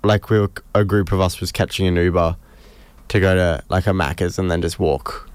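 Hesitant man, low voice. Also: steady tone, normal speed, clean tone. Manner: hesitant, rambling storyteller. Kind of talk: casual chat.

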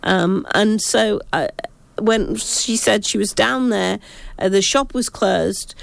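A woman with a gravelly, fry-laced voice chats about ghost sightings, often cutting herself off and starting over. She talks as a psychic, recorded close and dry. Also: medium pitch, takes it slowly, no echo. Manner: rambling, self-interrupting storytelling. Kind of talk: casual ghost-story chat.

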